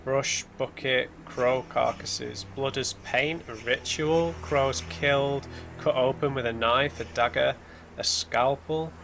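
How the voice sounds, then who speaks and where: This gamer speaks slowly in a creaky mid-range voice with a steady tone, musing aloud through a story game he's never played. He ponders clues and talks to himself under his breath as eerie music and hymns fill the game's background.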